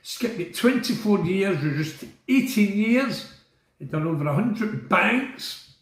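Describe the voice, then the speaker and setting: A man's voice: high voice, lively intonation, unhurried, echoey room, poor audio. A man telling stories about his time as a prisoner in a rambling monologue. He is blunt, swears, strays off track and asks and answers his own questions.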